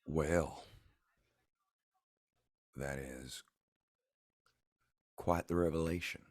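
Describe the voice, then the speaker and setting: A man narrating a tabletop game as game master, in a relaxed, casual way with fillers. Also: very deep voice, very slow, dry recording, studio quality.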